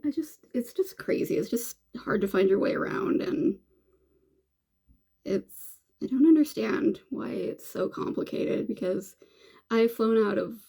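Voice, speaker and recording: A woman's voice: mid-range voice, vocal fry, dark tone. A woman vlogger chatting casually and rambling while she does her makeup, with many fillers and restarts. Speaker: beauty vlogger.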